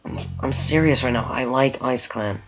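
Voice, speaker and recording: A shy young outcast wolf, lovestruck and unsure of himself, as a man puts him on while telling a story. He pleads hesitantly and then yelps in excitement, heard through a dull, lo-fi recording. His pitch sits in the middle range. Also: normal speed, soft background music, close to an everyday voice. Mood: earnest.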